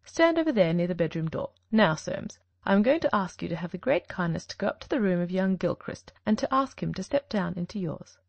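Woman reader doing a sharp know-it-all detective, swoopy gravelly voice, dry close mic. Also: mid-range voice, animated, brisk, few pauses, dry recording. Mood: stern. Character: shrewd confident male detective, commanding. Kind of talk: audiobook reading.

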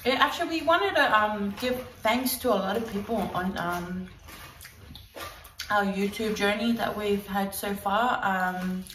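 A woman with an Australian accent hosting a casual vlog, chatting with lots of ums and likes and quick giggles. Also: medium pitch, a bit bright. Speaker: vlogger host. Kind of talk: casual chat. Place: at home with kids. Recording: roomy, distant mic, faint noise.

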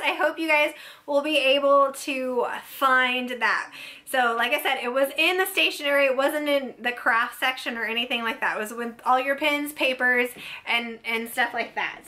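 A woman vlogger chatting casually through a product haul, gushing and excitable as she shows each find. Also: high-pitched. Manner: gushing, excitable, keeps saying "oh my gosh, you guys".

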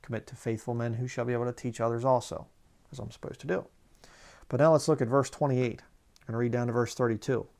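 A man preaching a sermon in a conversational way, slowing down to read scripture aloud. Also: mid-range voice, fairly even intonation, vocal fry, darkish tone.

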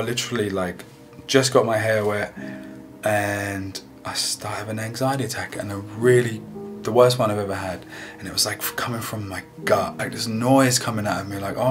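A man sharing a personal faith testimony in an earnest, emotional, halting way. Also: on the low side. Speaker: guest sharing a healing testimony. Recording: music playing underneath.

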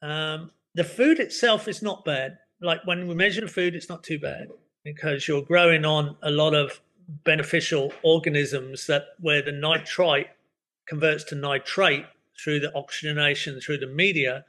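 Bright-toned older man musing casually. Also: on the high side, steady tone, moderate pace. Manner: reflective, rambling, many restarts and "you know" fillers. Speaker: permaculture educator, podcast guest. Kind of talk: casual interview conversation.

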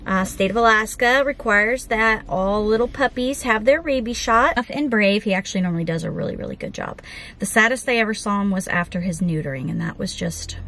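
A woman's voice: mid-range voice, brisk, fairly bright tone, a little hiss or hum. A woman chatting casually to camera for a family vlog, soothing a nervous puppy, with music underneath. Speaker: family vlogger. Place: vet clinic and outdoors in snow.

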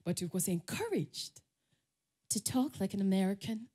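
A woman's voice: mid-range voice, big pitch swings, moderate pace, dark tone, slightly rough. A woman with a Nigerian accent giving a conference talk, telling personal stories, laughing often and acting out the voices she quotes. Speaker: conference speaker. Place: summit stage.

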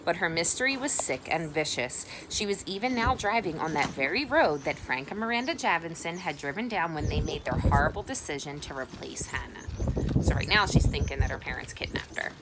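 A woman's voice: deep voice, brisk, very noisy. A woman reading a novel aloud in a casual way, correcting her slips as she goes. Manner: casual, self-correcting, with lively voices for dialogue. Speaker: reader. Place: outdoors, cold and windy.

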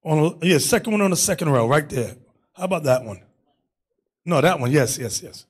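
A man leads a Bible class in a preaching style, his husky voice sitting a little high and swinging widely in pitch. He drives his points hard and directs readers and helpers between them. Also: expressive, a little fast.

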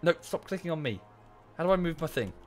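A man's voice: a little high, big pitch swings, fast, faint music behind. A young man commenting on his gameplay, easily exasperated and swearing often. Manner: exasperated, swears a lot, shouts at the game. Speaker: gameplay streamer.

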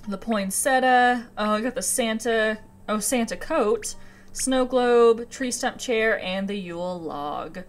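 A young woman in her twenties talking through a cozy video game, excitable and quick to giggle. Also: on the high side. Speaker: gaming channel host. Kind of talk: let's play commentary.

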